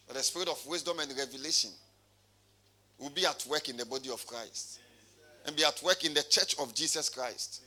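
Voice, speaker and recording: A man preaching a sermon in a high, ringing voice with a very bright, sharp edge. He calls out to his congregation and reads scripture aloud. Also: moderate pace. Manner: preaching with call-and-response. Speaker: pastor.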